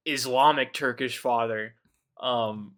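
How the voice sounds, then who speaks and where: A man talking casually with friends, mid-pitched and easygoing, who retells a book in a profane, joking way. He keeps breaking into loud, mocking voices for the characters. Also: fairly even intonation, slow pace. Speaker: podcast host. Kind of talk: casual chat.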